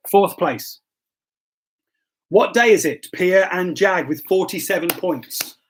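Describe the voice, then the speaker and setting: A man's voice: high voice, takes it slowly. A man, a pastor hosting a casual church livestream, reading out quiz results in a joking, self-deprecating way. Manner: jokey and self-deprecating, stumbles and apologizes. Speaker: pastor hosting a live stream.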